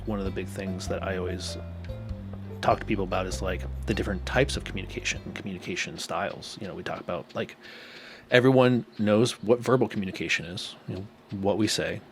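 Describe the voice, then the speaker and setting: A man's voice: sits low, brisk, faint music behind. A man co-hosting a podcast as a therapist, talking loosely and chattily with lots of fillers. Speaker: co-host, therapist. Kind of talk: casual podcast chat.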